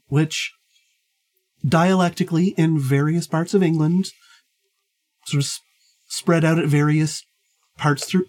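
A woman's voice: sits low, dark tone. A woman hosting a casual book discussion, explaining points at length with many fillers. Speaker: podcast host.

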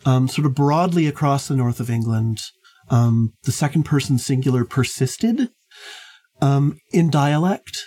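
A woman's voice: extremely low pitch, lively intonation, measured pace, mellow. A woman hosting a casual book discussion, explaining points at length with many fillers. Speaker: podcast host.

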